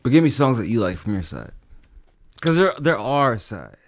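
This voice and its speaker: Brief: New Jersey man, podcast guest, mid pitch, lively and animated delivery. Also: normal speed. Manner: animated, slips into mocking impressions. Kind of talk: casual chat.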